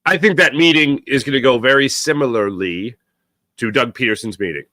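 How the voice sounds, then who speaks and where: A man hosting a solo sports talk show, rambling and opinionated, with fillers and self-corrections, growing louder and higher as he gets worked up. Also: fairly quick, no echo, clean studio sound.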